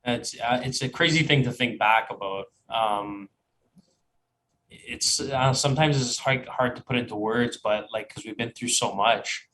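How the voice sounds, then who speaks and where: A man around thirty, a band member in an interview, who speaks thoughtfully and haltingly as he searches for words. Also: mid-range voice, bright, forceful tone, slight background noise, low-quality recording. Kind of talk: conversational interview.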